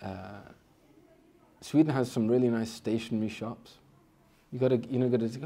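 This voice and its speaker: A man's voice: fairly even intonation, moderate pace, warm tone. A man giving an informal spiritual lecture. He talks conversationally and often repeats a word at the start of a phrase. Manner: acts out inner voices with sudden pitch jumps. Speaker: Islamic teacher.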